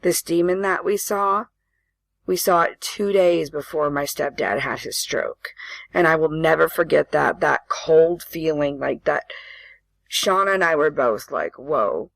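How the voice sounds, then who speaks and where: Brief: woman, late twenties, low voice, dry close sound, animated casual storyteller. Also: a little slow, gravelly, no echo. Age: late 20s. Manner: chatty, laughs often, acts out voices in her stories. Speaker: podcast co-host.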